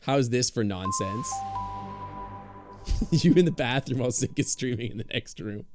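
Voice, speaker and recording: A man's voice: mid-range voice, lively intonation, unhurried, long pauses, no room sound, faint music behind. A male game streamer chatting casually with his viewers on a close desk microphone, thinking aloud with lots of restarts and asides.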